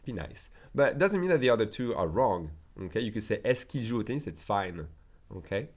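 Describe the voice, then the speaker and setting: A man's voice: fairly low pitch, big pitch swings, darkish tone. French-accented man teaching French. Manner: slow deliberate pronunciation of French examples, frequent "okay?" check-ins. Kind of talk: casual language lesson.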